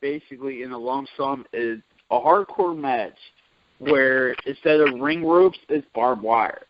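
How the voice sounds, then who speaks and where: A man's voice: mid-range voice, unhurried, a little hiss or hum. A man chatting casually as a podcast co-host, laid-back and hesitant, with many fillers. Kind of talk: casual chat. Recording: dry lo-fi recording.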